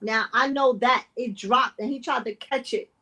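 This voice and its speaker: A woman's voice: on the high side, moderate pace, bright, forceful tone. A woman co-hosting a podcast, chatting casually and repeating her points for emphasis. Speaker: podcast co-host. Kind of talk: casual chat.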